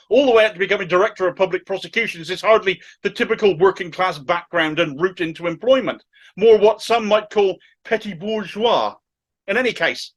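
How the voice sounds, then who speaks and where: A man's voice: high-pitched, a bit bright. A middle-aged man from Cornwall with a thick Cornish accent, giving sardonic, opinionated political commentary to camera. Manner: sardonic, mocking asides.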